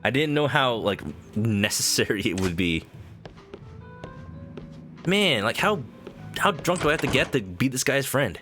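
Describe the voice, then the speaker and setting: A man's voice: mid-range voice, sing-song, measured pace, pauses often, pushed and bright, soft background music. A man chatting casually with viewers while playing a game on stream, rambling with lots of "like" fillers.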